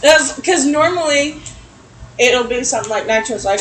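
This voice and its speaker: A woman co-hosting a casual chat, recapping a tabletop game and acting out quotes in an animated way. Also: high-pitched, normal speed, reverberant, background noise. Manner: animated storyteller, acts out quotes with lively voices. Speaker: podcast co-host recapping a game. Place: room with echo.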